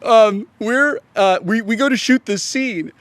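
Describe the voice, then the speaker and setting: A man's voice: high voice, a little slow, fairly bright tone, no room sound. A man who works as an actor, a guest on a podcast, telling stories in casual chat and laughing through them.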